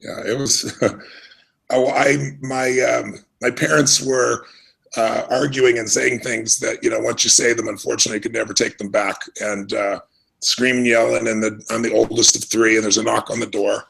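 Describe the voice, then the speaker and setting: A man's voice: mid-range voice, level tone, moderate pace, gravelly, a bit bright, breathy edge, low-quality recording. A middle-aged American man telling his life story as an interview guest, earnest and reflective, often restarting his sentences. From United States. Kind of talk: conversational storytelling.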